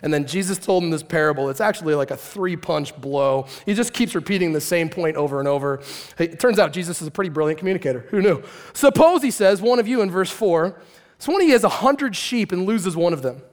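Man, pastor preaching, high-pitched, animated and conversational, long hall echo. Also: fast. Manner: animated, conversational, acts out characters with shouts and asides. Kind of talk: sermon.

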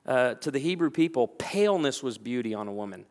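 A man preaching a sermon as a pastor, telling stories with lively energy and acting out the voices of people he quotes. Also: mid-range voice, a little fast, in a large hall.

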